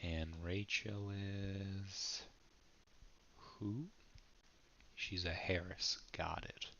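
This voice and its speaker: A man's voice: sits low, fairly even intonation, extremely slow, vocal fry, bright, forceful tone, dull audio. A man reading an AI game prompt aloud, stumbling and laughing as he comments. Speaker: video creator.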